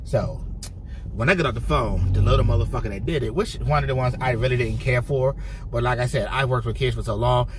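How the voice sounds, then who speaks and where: Brief: man in casual storytime vlog, fired-up and cussing, mid-pitched voice, faint traffic hum behind. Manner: profane, heated storytelling with animated bursts; cheerful put-on customer-service voice when mimicking himself. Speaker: vlogger.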